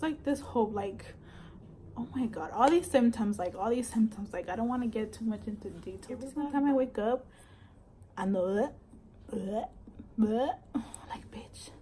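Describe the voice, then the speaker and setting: A woman's voice: on the high side, darkish tone, slight background noise, low-quality recording. Chatty, swearing young woman. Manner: code-switching, chatty, swears freely. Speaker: vlogger. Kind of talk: casual storytelling vlog.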